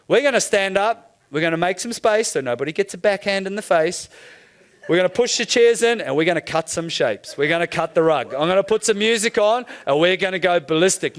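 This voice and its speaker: A man giving a keynote talk to a live audience. He talks casually, swears, and urges the crowd to dance and shout. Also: high voice. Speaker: keynote speaker. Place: event room with audience.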